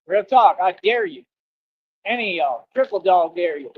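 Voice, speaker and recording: A man's voice: high voice, animated, normal speed. Swaggering man on dull lo-fi stream. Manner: boastful, swaggering street slang. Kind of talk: casual livestream monologue.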